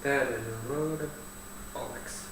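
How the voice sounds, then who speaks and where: A man's voice: medium pitch, fairly even intonation, unhurried, creaky. A man playing in a tabletop game, matter-of-fact and casual. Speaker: player. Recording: very echoey, distant, noisy.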